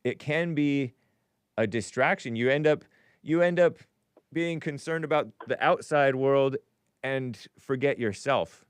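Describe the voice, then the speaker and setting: A man's voice: mid-range voice, measured pace, clear, resonant tone, no echo. A man hosting a call-in talk show, musing aloud in a wry way and often trailing off.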